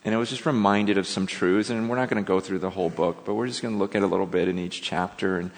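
A man's voice: sits low, fairly even intonation, fast. A man preaching a sermon in an earnest, conversational way, often restarting and stumbling over his words. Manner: earnest, conversational, with many restarts and emotional asides. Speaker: pastor. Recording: long hall reverb.

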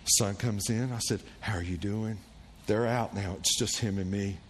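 Pastor, male, animated sermon storyteller who acts out the voices of the people in his story, in a church with a long reverb tail. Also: moderate pace. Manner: animated storyteller, acting out quoted voices with big pitch jumps. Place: church sanctuary. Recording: long church reverb with faint room noise.

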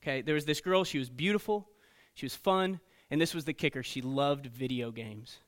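A man preaching to teenagers as a youth pastor, telling stories in an animated way and checking in often with "okay?" and "right?". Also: mid-range voice, moderate pace. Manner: storytelling, animated, frequent "okay?" and "right?" asides. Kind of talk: sermon to teenagers.

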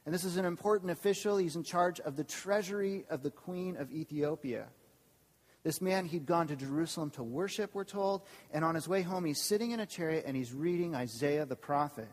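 A man with a somewhat high voice delivers a sermon as a campus pastor. He preaches with energy and keeps turning to the congregation with questions. His voice carries a long reverb from a church hall. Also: a little fast. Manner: lively, asks the congregation questions.

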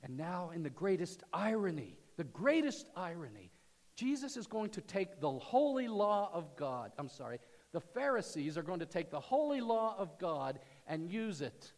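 A man's voice: fairly high pitch, big-room sound. Male preacher with sweeping dramatic delivery. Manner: dramatic swings from loud emphasis to hushed near-whisper. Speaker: pastor. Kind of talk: sermon. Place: church sanctuary.

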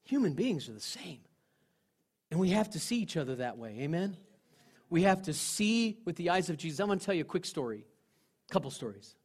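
A male pastor preaching a sermon, telling personal stories in an earnest way, dropping to a hush and then rising again. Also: on the high side, very animated, a little fast, breathy edge. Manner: earnest storytelling, swinging from loud to hushed.

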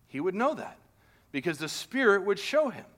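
A man preaching a sermon as pastor, telling a personal story and shifting into quiet, intimate tones. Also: high voice, big pitch swings, normal speed.

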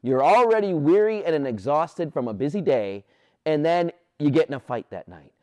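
Lively, animated pastor preaching. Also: male voice, normal speed, dry recording, dull audio. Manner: animated, playful voices for quoted characters; drops to a soft, low voice on key points. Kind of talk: sermon.

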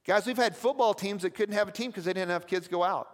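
A man's voice: high-pitched, quick pace, in a large hall. A man preaching a sermon as pastor, telling stories in a conversational way with asides to the congregation. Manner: storytelling, conversational with audience asides. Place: church.

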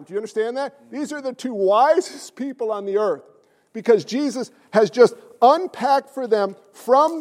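A male pastor delivering a sermon in a strikingly high voice. He presses his points with loud emphasis, drops to hushed asides, and keeps asking the congregation questions. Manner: swings between loud stresses and hushed asides.

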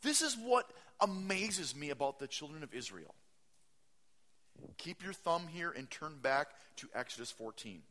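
A man preaching a sermon. He reads scripture aloud, stops to comment, and swings between loud bursts and hushed asides. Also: on the high side, big pitch swings, a little slow, in a large hall, slight background noise. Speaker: pastor.

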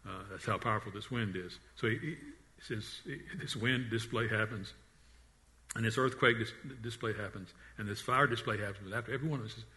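Speaking a little fast in a lowish voice, a pastor delivers an earnest sermon. He frequently repeats or restarts words and falls to a hush for the quieter lines.

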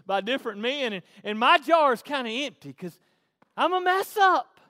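A man preaching a sermon as pastor, swinging from hushed, tender passages to loud, fervent ones. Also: very high-pitched, sing-song, normal speed. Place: church. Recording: long hall reverb.

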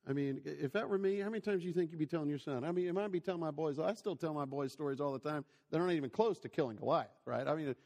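A man in his forties preaching a sermon in a large hall with a long echo. His voice sits a little high and has a gravelly edge. He talks like he is telling stories to friends, often asking the listeners questions. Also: darkish tone. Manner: storytelling, conversational, rhetorical questions to listeners.

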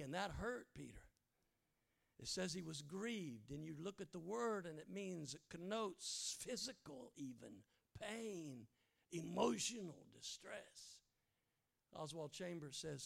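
A middle-aged man preaching an animated sermon, swinging from loud acted lines to low, hushed asides. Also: measured pace, creaky, husky. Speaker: guest preacher.

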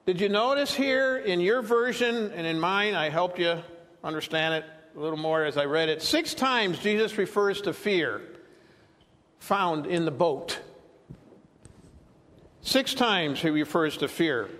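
Male pastor, slightly high voice, lively verse-by-verse sermon, long hall reverb. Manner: animated, acts out quoted lines. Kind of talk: expository sermon.

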